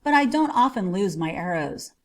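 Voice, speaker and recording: A woman voicing a big, easygoing forest outlaw who speaks calmly and teasingly. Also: mid-range voice, normal speed. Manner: calm, teasing.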